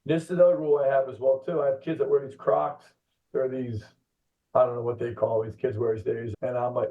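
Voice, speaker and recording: A man's voice: mid-range voice, flat delivery, fairly quick, echoey room. A middle-aged man who directs coaching at a youth soccer club, chatting casually on a podcast and acting out kids and parents with laughs as he tells stories. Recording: tinny phone-line sound, distant from the mic.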